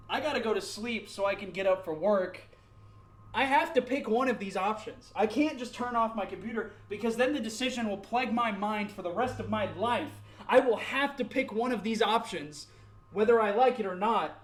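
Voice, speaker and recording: High-voiced man ranting in an echoey room. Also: moderate pace. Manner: rambling, dramatic, self-mocking; paces about the room, moving toward and away from the mic. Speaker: gaming YouTuber. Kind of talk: ranting gameplay commentary. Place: home room at his computer. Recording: echoey room, varying distance from the mic.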